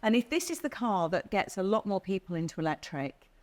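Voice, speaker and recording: A woman's voice: medium pitch, very animated, fairly quick, a little mellow. Upbeat woman car presenter. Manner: upbeat, chatty, emphatic. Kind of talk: casual studio chat.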